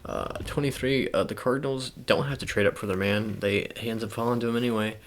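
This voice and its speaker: A young man speaking in a soft ASMR style, chatting casually and rambling with many fillers and restarts. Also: medium pitch, steady tone, brisk. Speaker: ASMR channel host. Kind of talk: soft-spoken ASMR sports talk.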